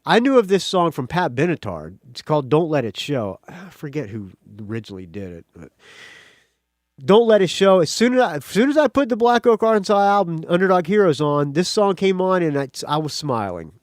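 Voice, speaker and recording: A man hosting a rock podcast, talking in a rambling, excitable way with a slight country accent and swearing freely. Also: a little high, fairly quick, no room sound, studio quality. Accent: slight American country accent. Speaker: podcast host. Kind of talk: casual solo intro.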